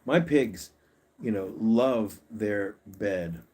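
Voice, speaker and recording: A man with a fairly low voice hosts a casual livestream. He coaxes his pets along and chats easily with the viewers. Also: drawn-out words, darkish tone. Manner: coaxing, chatty, talks to his pets and reads viewer comments. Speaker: pet channel host.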